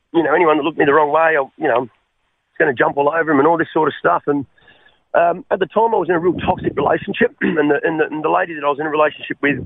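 A creaky, rather high male voice comes down a tinny, dry phone line with slight background noise. He is an Australian radio guest giving an earnest account of his life, restarting repeatedly as he stumbles and constantly calling the host "mate."

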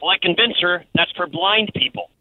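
A man's voice: sits high, moderate pace. A man calling into a radio show, chatty and telling a prank story with chuckles. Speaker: caller. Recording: tinny phone line.

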